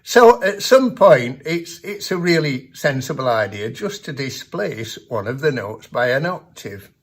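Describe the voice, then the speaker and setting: A man giving a piano lesson, explaining technique in a measured, patient way. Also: mid-range voice, big pitch swings, slightly rough. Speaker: piano teacher. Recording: piano playing heard in the background.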